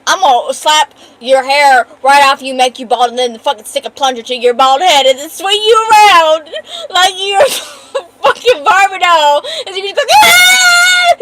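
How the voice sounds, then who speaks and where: A woman's voice: high voice, normal speed, a bit bright. A woman streamer in casual live-stream chat, trading profane, playful mock-angry banter.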